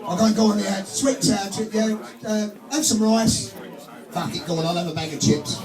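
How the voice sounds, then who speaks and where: A man's voice: high-pitched, brisk. A man compering an evening dinner, doing a crude stand-up routine full of swearing and laughing at his own gags. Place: function room at an evening dinner. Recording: echoey function room with music and crowd.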